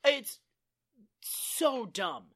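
Animated woman recapping a movie. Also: on the high side, very slow. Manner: animated, acts out characters in quotes, profane. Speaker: podcast co-host. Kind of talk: casual movie recap chat.

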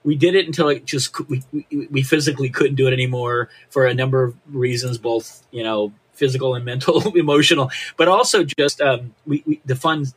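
A man's voice: mid-range voice, steady tone, fairly quick, hardly any pauses, husky. An older man from Reno, a punk musician guest, talking casually in a podcast interview with many restarts and "you know"s. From Reno, Nevada, USA.

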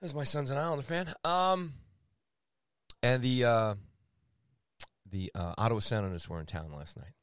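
A man from New York co-hosting a sports radio show in casual chat, excitable and quick to laugh. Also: medium pitch, clean tone, no echo, studio quality. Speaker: co-host.

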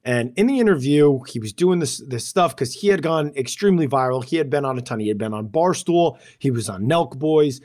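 A man co-hosting a casual podcast, telling stories in an animated way and acting out what people said. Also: medium pitch, brisk, few pauses. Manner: animated storyteller, acts out quotes in a raised voice. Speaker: podcast co-host.

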